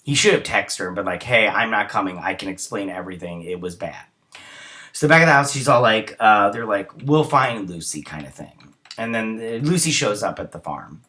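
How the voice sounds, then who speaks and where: A man's voice: fairly low pitch, lively intonation, moderate pace, pushed and bright. A young man hosting a casual TV episode review, retelling scenes in a rambling way with many fillers and sounding tired, as it's early in the morning.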